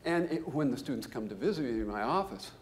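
Man, keynote speaker, professor, animated storytelling, emphatic high bursts. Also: quick pace. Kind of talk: conference keynote.

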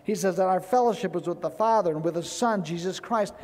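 A man's voice: high-pitched, a little fast, a little mellow. A male pastor preaching a sermon with emotion, acting out quoted voices as he goes. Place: church sanctuary. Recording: church hall reverb.

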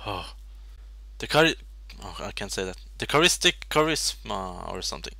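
Excitable man commentating a wrestling game. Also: fairly low pitch, moderate pace, vocal fry, dry recording. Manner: excitable, swings between loud shouting and muttering.

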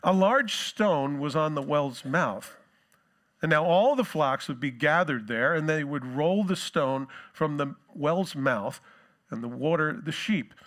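A male pastor preaching a sermon in a relaxed, conversational way with joking asides. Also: medium pitch.

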